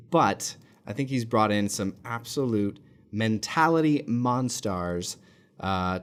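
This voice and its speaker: A man hosts his own fan channel and reacts to a football result in a loose, unscripted way. His voice sits a little low, and he talks with excitement, dropping frequent fillers between thoughts. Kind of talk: casual match reaction.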